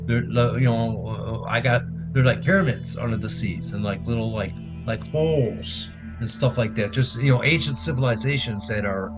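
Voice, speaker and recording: A man speaks as a podcast guest over a video call, describing a personal experience in a halting, hesitant way. He repeats words and lets his thoughts trail off. Music plays clearly in the background. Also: mid-range voice. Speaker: interview guest.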